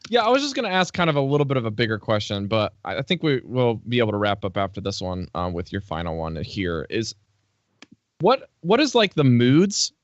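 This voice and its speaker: A man's voice: mid-range voice, big pitch swings, a little fast, dry recording, lo-fi sound. A man co-hosting an interview, asking rambling, hedging questions. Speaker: podcast co-host. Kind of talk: casual interview chat.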